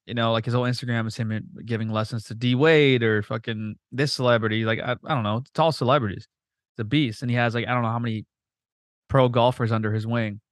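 A man's voice: mid-range voice, no room sound, studio quality. A man hosting a podcast, chatting casually with a guest, swearing freely and acting out quotes as he tells stories. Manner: profane, animated, quick storytelling with voiced quotes. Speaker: podcast host. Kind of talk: casual chat.

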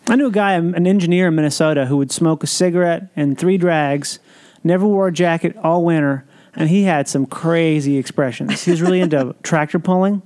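Guy guesting on a podcast, high voice, animated storytelling. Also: fairly quick. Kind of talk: casual chat.

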